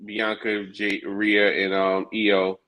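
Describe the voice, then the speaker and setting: A man's voice: fairly low pitch, monotone, takes it slowly, sharp tone. A man co-hosting a casual wrestling chat, rambling with many restarts and fillers. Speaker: podcast co-host.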